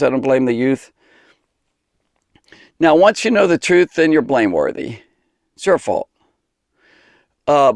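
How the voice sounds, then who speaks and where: A man's voice: mid-range voice, creaky, no echo, studio quality. A man giving an earnest Bible teaching, impassioned and rambling, with many restarts and fillers.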